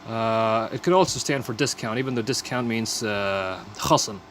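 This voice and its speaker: A man's voice: on the low side, moderate pace, a bit bright, a little hiss or hum. A man teaching vocabulary in a casual lesson, repeating each phrase and explaining the words plainly. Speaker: language teacher.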